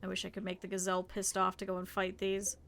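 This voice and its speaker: A woman's voice: medium pitch, monotone, fast, fairly bright tone, slight background noise. A woman streamer commenting on her gameplay live, chatting with her viewers, scolding her characters and swearing freely.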